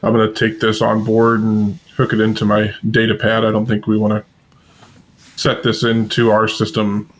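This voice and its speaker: Guy playing a careful no-nonsense crewmate, flat lowish voice. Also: normal speed, a little hiss or hum, lightly acted, low-quality recording. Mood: businesslike. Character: practical, cautious crewmate Lash.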